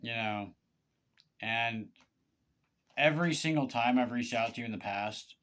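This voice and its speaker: A man giving a confessional monologue to one person, halting and aggrieved, with stammered restarts and repeated words. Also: medium pitch, a bit bright. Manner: aggrieved, pleading. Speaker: vlogger.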